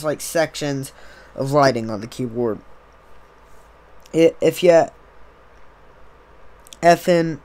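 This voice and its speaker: A young podcast host delivers a casual, rambling monologue, repeatedly trailing off, interrupting himself, and restarting. His voice is medium-pitched and a little mellow.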